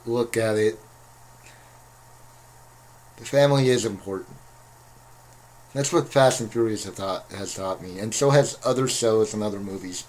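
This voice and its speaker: A man giving a casual spoken movie review, rambling and excitable with many restarts. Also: medium pitch. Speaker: film reviewer.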